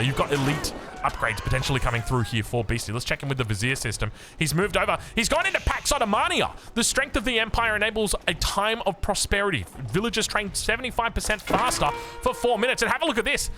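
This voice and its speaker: An excitable Australian man commentates a strategy game match, his fairly high voice leaping up and down as he jokes and wanders off on tangents. Music plays clearly underneath his voice. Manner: excitable, chatty, jokes and digresses. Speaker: game caster.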